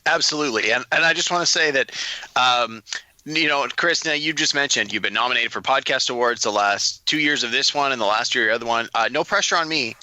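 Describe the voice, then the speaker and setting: A man with a very bright, sharp voice chiming in on a casual podcast. He makes light, self-deprecating jokes. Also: medium pitch, fast talker, no room sound, poor audio. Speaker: incoming co-host.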